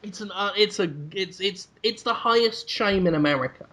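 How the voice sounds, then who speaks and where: A man hosting a podcast, rambling through an absurd improvised comic story and bursting into loud put-on voices. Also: high voice, moderate pace. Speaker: podcast host.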